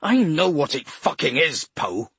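A man voicing an angry senior male detective who snarls and barks orders, in a husky voice. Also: fairly high pitch, big pitch swings, measured pace, no echo, voice pushed up, exaggerated voice. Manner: barking and shouting.

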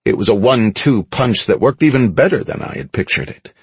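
A man narrating an action story in the first person as an audiobook, dramatic and expressive. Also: on the low side, brisk, breathy edge, dry recording.

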